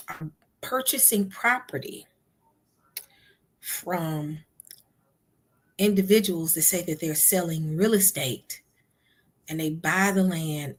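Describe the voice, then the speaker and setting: A woman's voice: deep voice, husky. A woman hosting a live stream, chatting casually and retelling a conversation to her listeners. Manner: chatty, addresses listeners as "y'all". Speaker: host.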